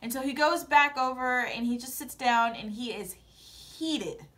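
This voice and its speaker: A woman vlogger talks through a reality-show recap in a high voice. She has a casual, gossipy style and narrates in an animated way. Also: measured pace.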